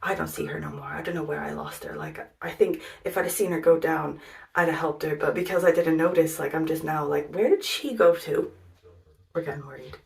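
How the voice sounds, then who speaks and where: Low, creaky, and a little rough, this woman's voice is fast and animated as she chats her way through a travel story for her vlog. Her telling wanders, heavy on "like" and "um," shifting into other people's voices and now and then sinking to almost a whisper.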